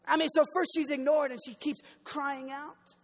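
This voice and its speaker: Young guy preaching, casual and animated, gets loud then drops real quiet, big hall echo. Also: very high voice, normal speed. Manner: conversational, animated, acts out voices, swings from loud to quiet. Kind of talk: sermon. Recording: long hall reverb.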